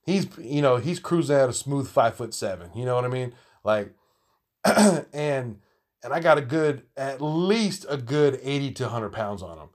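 A man's voice: mid-range voice, moderate pace. Profane rambling man telling stories. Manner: profane, rambling, animated, laughing asides. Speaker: storyteller. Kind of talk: casual storytelling monologue.

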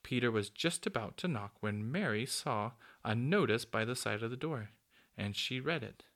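A man reading a children's story aloud, steady with small slips and restarts. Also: medium pitch, moderate pace. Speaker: narrator.

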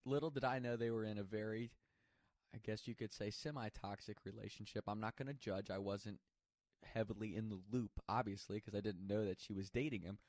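A man's voice: fairly low pitch, fairly quick, no room sound, clean studio sound. A man telling a personal story casually, swearing freely and laughing as he goes. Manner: profane, animated, laughs while telling.

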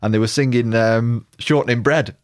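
A man's voice: mid-range voice, fairly even intonation, normal speed. A man co-hosting a music podcast, chatting and telling anecdotes in a conversational way. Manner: conversational, storytelling, reading out quotes. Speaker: podcast co-host. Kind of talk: casual music chat.

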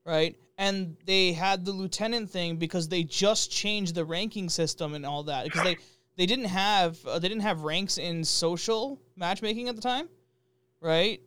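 A man's voice: high voice, a little slow, a bit bright, a little hiss or hum. A man co-hosting a casual gaming chat, rambling and joking with frequent laughter and fillers. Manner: jokey, laughs often, rambling with many fillers.

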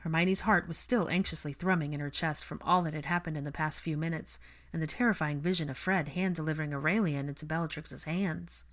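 A woman narrating a fan fiction story in a steady, measured reading. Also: low-pitched.

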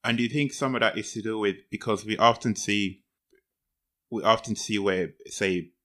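A man's voice: fairly low pitch, moderate pace, fairly bright tone. A man hosting an interview, asking questions casually and laughing easily between loose phrases. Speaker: podcast interviewer.

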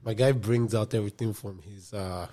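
A man who is a guest on a podcast, telling a story in a relaxed, slangy way. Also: on the low side, moderate pace. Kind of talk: casual storytelling chat.

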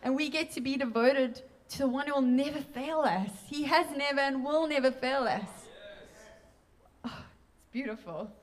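Woman, preacher, church sermon, higher voice, earnest, emotional. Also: moderate pace, hardly any pauses. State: tearful at times.

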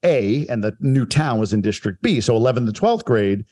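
A man's voice: mid-range voice, expressive, a little fast, warm tone. A man from Long Island telling stories about his childhood in a casual, reflective and self-deprecating way on a podcast. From Long Island, New York. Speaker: guest telling his life story.

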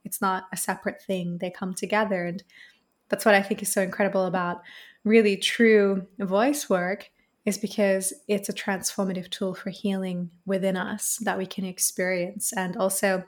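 A woman speaking as a guest in an interview, earnest and flowing, often repeating a phrase for emphasis as she explains. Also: mid-range voice. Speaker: voice coach guest. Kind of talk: reflective interview answer.

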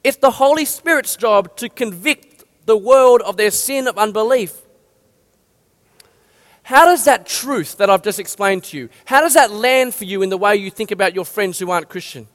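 A man's voice: high voice, fairly bright tone. A man, preaching an earnest, direct sermon. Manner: earnest, direct, rallying exhortations. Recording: long hall reverb.

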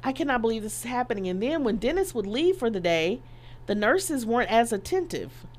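A woman's voice: a little high, sing-song, fairly quick, a little hiss or hum. A middle-aged woman telling a personal story as an interview guest, acting out the quoted voices and laughing as she goes.

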